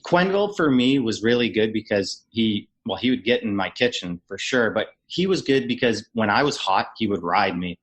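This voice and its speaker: A man's voice: on the low side, moderate pace, hardly any pauses. A man in his thirties from Canada, a former hockey player telling stories on a podcast and swearing freely. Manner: animated storyteller, mimics yelling coaches, swears freely. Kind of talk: casual storytelling on a podcast.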